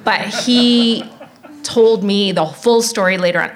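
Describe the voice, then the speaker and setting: A woman comedian chatting as a guest on stage, frank and candid, telling stories with quick asides. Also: mid-range voice. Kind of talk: casual chat. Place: live theatre stage.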